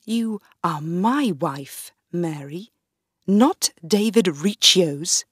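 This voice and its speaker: A woman's voice: fairly low pitch, expressive, extremely slow, breathy edge, no room sound, studio quality, heavily acted. A woman voicing a jealous, cruel young husband who mocks and taunts in a storybook reading. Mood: accusing. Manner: mocking, taunting.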